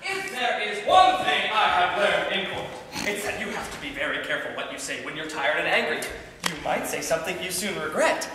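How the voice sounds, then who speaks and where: Young actor as tired young lawyer husband, animated and exasperated, in a reverberant hall with faint noise. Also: male voice, high voice, brisk, exaggerated voice. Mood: weary. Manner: theatrical, often laughing. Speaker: student actor. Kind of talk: stage comedy acting. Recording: echoey hall from far off.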